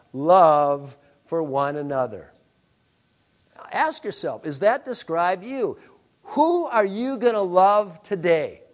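A male pastor preaching a sermon, emphatic, with rhetorical questions to the congregation. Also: high voice.

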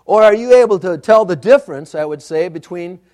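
A middle-aged man preaching a sermon, telling a story in an animated, self-mocking way. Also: high voice, brisk. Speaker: pastor.

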